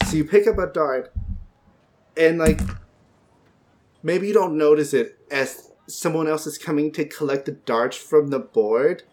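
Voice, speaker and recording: A man's voice: a little high, a little slow, pauses often, darkish tone. A man narrating as game master of a tabletop game, rambling and joking with frequent fillers.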